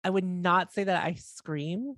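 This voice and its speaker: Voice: mid-range voice, measured pace, a bit bright, no room sound, studio quality. A person in casual conversation, blunt and wry, laughing often between remarks. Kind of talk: casual chat.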